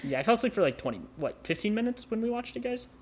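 A man's voice: sits high, big pitch swings, very fast, a little hiss or hum. A man hosting a casual movie podcast with friends, laughing often. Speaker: podcast host. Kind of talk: casual chat among friends.

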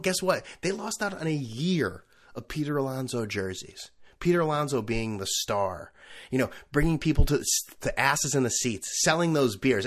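A man hosting his own podcast, talking alone in a rambling, profane and sarcastic way. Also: a little high. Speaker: podcast host. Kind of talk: casual solo chat.

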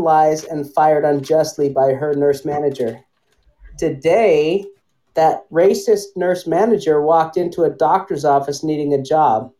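A woman with a notably low, deep voice hosts a loose live chat with friends. She rambles through her stories and breaks into laughter often. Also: warm tone, low-quality recording. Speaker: host.

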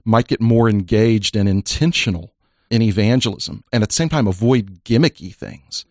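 A man's voice: lowish voice, normal speed, a little mellow, no echo, clean studio sound. A man who is a pastor and podcast host, joking with guests and then earnestly explaining a church program. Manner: jovial, earnest when explaining. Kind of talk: casual chat and enthusiastic endorsement.

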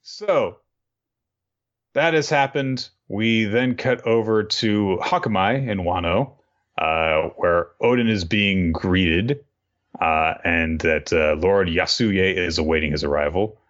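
A man with a lowish voice walks through a story in relaxed podcast chat, slipping into the characters' lines as he goes. The sound is dull and a bit lo-fi. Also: slow pace. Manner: recaps scenes by acting out the characters' lines. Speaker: podcast co-host recapping a manga. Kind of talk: casual chat. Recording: dull lo-fi recording.

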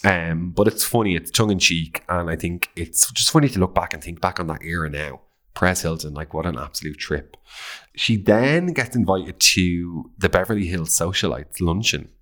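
A man's voice: sits low, normal speed, a bit bright. An Irish man hosting a podcast, chatting in a camp, gossipy way, swearing freely and gushing over pop culture. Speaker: podcast host. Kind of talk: casual pop-culture chat.

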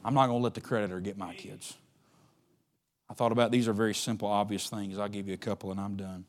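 A male pastor preaching a sermon. He calls out to the congregation and swings from quiet, low passages to loud, shouted exhortation. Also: little pitch movement, fast.

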